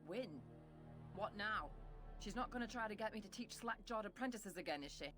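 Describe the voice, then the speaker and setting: A woman's voice: medium pitch, expressive, moderate pace, fairly bright tone, faint music behind, close to an everyday voice. A woman voicing a sardonic Scottish botanist. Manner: sardonic, grumbling. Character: gruff, impatient woman botanist in a fantasy game. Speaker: game character.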